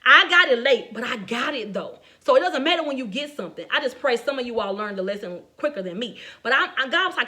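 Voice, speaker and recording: A middle-aged woman delivers a faith-based talk full of personal anecdotes, chatting animatedly, laughing often and addressing her listeners directly. Her voice is on the high side, and she talks fast with few pauses.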